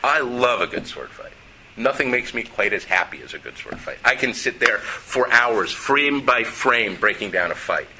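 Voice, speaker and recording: A middle-aged man, a writer, telling a personal story in a lively way and acting out the people in it. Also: mid-range voice, normal speed, slight background noise, rough recording.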